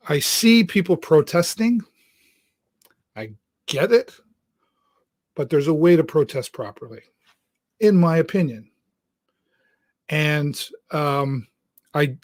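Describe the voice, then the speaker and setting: A male talk show host speaking earnestly and haltingly to his viewers, often restarting his sentences, from inside a church. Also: on the high side, dry recording, studio quality. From Canada. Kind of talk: heartfelt monologue to viewers.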